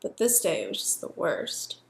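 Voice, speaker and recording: A middle-aged woman telling a personal story in a halting, reflective way. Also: on the low side, sing-song, creaky. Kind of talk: personal narrative. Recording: echoey room with faint ambient noise.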